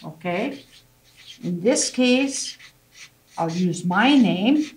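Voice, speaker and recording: A woman language teacher, explaining slowly and patiently and often checking in with "okay?". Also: mid-range voice, expressive, darkish tone, poor audio. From Canada. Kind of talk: language lesson.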